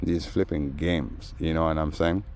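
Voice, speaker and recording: A man telling a story in a casual rant, animated and mimicking the people he quotes. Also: rumbling low, moderate pace. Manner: animated, mimics others in quoted voices, laughs often. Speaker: vlogger.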